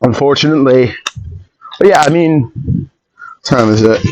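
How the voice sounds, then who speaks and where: A man hosting a podcast in a casual rambling monologue, opinionated and quick to jump off on tangents and interrupt himself. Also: medium pitch, a little mellow, muffled recording, a little hiss or hum. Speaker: podcast host.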